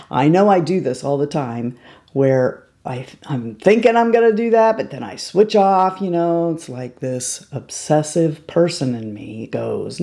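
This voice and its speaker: A woman's voice: lowish voice, dark tone. A woman over fifty chatting casually to her viewers as she does her makeup in a beauty tutorial. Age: 50s or older. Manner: chatty, talks straight to viewers while applying makeup. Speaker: beauty vlogger.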